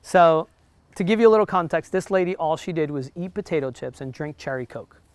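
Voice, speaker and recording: A man's voice: on the high side, lively intonation, brisk, clear, resonant tone, dry recording. Man with a New Jersey accent coaching realtors. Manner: conversational, keeps checking in with the audience. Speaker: real estate broker teaching realtors. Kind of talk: motivational talk to a live group.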